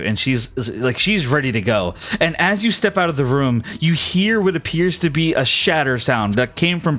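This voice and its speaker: A man narrating a tabletop role-playing game as game master, lively and descriptive. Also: on the high side.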